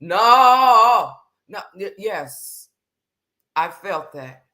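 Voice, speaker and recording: A woman's voice: lowish voice, expressive, unhurried, a bit bright. Blunt, candid woman preaching on a livestream. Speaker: livestream host. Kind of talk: faith livestream talk.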